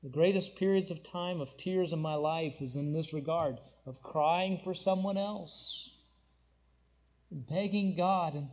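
A man preaching a sermon, moving between loud, fervent declarations and soft, hushed passages. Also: a little high, measured pace. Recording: dull lo-fi sound.

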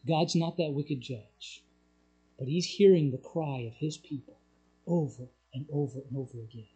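A preacher delivering a sermon, swinging between loud urgent passages and hushed, low ones. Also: moderate pace, poor audio.

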